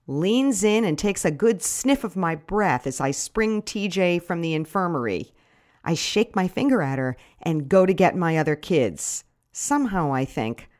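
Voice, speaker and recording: A middle-aged woman narrates her own story in a wry, deadpan way. Her pitch moves in a lively way through each line. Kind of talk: first-person memoir reading.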